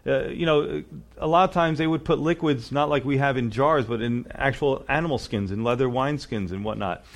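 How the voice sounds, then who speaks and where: A man's voice: mid-range voice, brisk. A man preaching a sermon, earnest and emphatic, often adding "you know" and "you see". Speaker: pastor.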